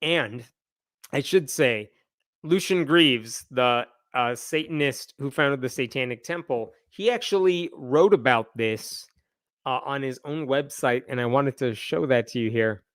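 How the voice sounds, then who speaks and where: A man's voice: medium pitch, a little slow, fairly bright tone, no room sound, clean studio sound. A man hosting a live news roundup, giving wry, exasperated commentary and reading passages aloud.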